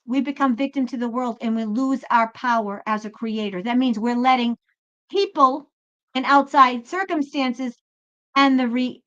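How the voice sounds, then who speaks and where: The recording is lo-fi and slightly dull, carrying a woman's high, fairly bright voice. She reads tarot and hosts a spiritual channel, and here she delivers a blunt pep talk, cursing freely and hard.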